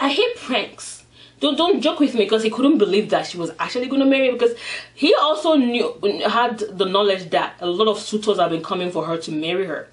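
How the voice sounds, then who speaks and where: Animated storyteller, slightly off-mic. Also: mid-range voice, distant mic, rough recording. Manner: animated retelling, acting out the characters. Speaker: mukbang vlogger. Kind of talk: casual storytelling while eating.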